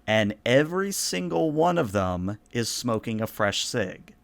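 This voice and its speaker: A man narrating a tabletop role-playing game as game master, in a relaxed, meandering way. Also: mid-range voice, a little slow, creaky, no room sound.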